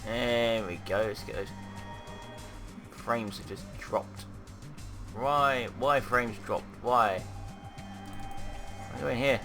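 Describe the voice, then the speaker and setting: A man's voice: medium pitch, steady tone, slow pace, long pauses, over music. A man casually commenting on a game he is playing, chatty and wry, with many ums. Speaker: let's play commentator.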